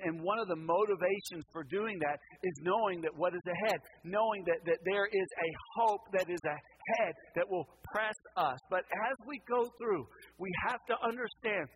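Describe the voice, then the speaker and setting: A pastor preaching a sermon, repeating words and swinging between loud passages and hushed ones. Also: male voice, on the high side, slight background noise, poor audio.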